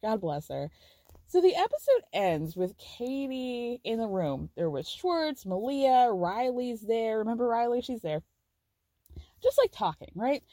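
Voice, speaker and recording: A woman with a fairly high voice recaps reality TV on her podcast, chatty and quick to giggle. She tells stories in an animated way, and the recording is dry and close, with no room sound. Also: no room sound. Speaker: podcast host.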